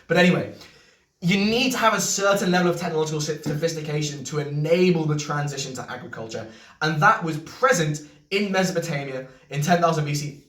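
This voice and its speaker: A man's voice: fairly high pitch, fairly bright tone. A man with an English voice and a slight Scouse tinge, explaining history in an earnest, self-correcting way with casual asides. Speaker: history video host. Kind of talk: unscripted explanatory lecture. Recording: roomy echo, mic at a distance.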